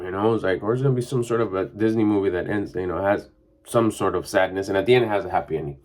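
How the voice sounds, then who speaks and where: A middle-aged man who works as a mindset coach talks fast in a low, somewhat dark voice. His monologue is casual and rambling, packed with fillers.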